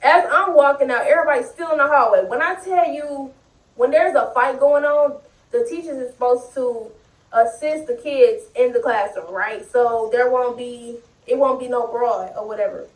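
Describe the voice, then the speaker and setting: A young woman vlogger telling a story in a casual, animated, profane and slangy way. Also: high-pitched, normal speed, far from the mic. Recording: echoey room, a little off-mic.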